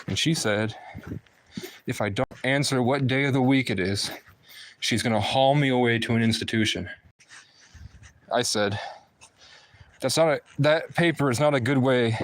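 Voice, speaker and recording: A man ranting to his viewers in an aggrieved, fast-flowing monologue. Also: mid-range voice. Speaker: vlogger. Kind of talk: agitated monologue to camera.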